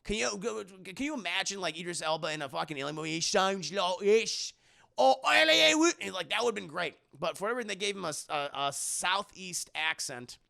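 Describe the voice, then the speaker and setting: Quick-paced and with few pauses, this man's high, gravelly voice carries a sharp tone. He's a young man loosely reviewing a film for his live chat, rambling, cursing, and occasionally mimicking lines from it in silly voices.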